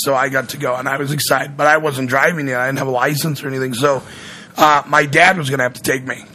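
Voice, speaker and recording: Male radio personality, casual rambling storyteller, bright forceful tone. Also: medium pitch, flat delivery, fairly quick, a little hiss or hum. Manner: rambling, acts out quoted voices.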